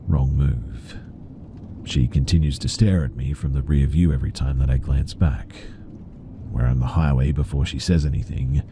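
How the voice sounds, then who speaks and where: A man narrating a first-person horror story in a calm, measured reading. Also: very deep voice, a little hiss or hum.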